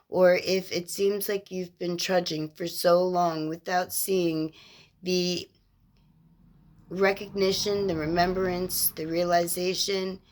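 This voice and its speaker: A woman with a lowish voice gives a spiritual mentor's inspirational monologue. She talks very slowly and measuredly, stringing words into drawn-out lists. Her tone is gentle and reassuring. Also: slight background noise.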